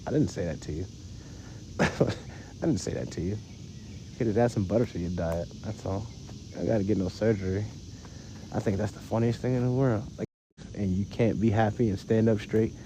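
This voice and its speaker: A man's voice: on the low side, mellow, slight background noise, low-quality recording. A man ranting in a casual live stream, profane and mocking, often repeating his phrases.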